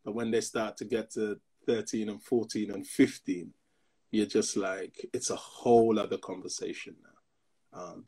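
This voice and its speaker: His voice is lowish and slightly rough: a fifty-something pastor recounting his own experiences in an informal discussion. He tells them with energy, slipping into the voices of the other people involved.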